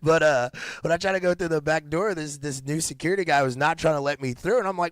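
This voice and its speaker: A man's voice: on the high side, a little fast, fairly bright tone, clear, resonant tone, no echo. A man hosting a casual podcast chat, rambling in slang with frequent restarts and laughter. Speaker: podcast host.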